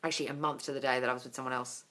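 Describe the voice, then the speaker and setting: Her rumbling low voice has a fairly bright tone, and she talks very fast with flat delivery. She is a manifestation coach hosting a live-stream Q&A, reading viewer comments aloud and answering in a bubbly way while often squealing and laughing.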